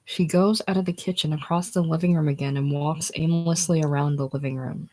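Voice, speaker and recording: A reader giving a plain, unhurried reading of a screenplay's stage directions, now and then dropping to a whisper. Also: medium pitch, fairly even intonation, a little mellow.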